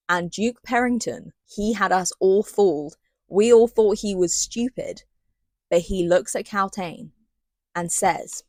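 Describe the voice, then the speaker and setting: A young woman giving an animated, sarcastic and rambling book recap in casual chat. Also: medium pitch, normal speed, dry recording. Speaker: book reviewer.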